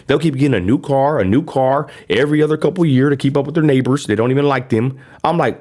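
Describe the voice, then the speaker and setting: A man's voice: medium pitch, quick pace, few pauses, darkish tone. A man in his thirties with a West Texas accent, rambling bluntly on his own livestream. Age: 30s. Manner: rambling and blunt, lots of fillers. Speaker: livestream host. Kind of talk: casual livestream rant.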